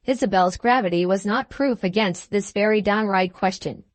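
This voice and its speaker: A woman's voice: medium pitch, normal speed, hardly any pauses, dry recording. Woman narrating a classic novel. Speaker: audiobook narrator.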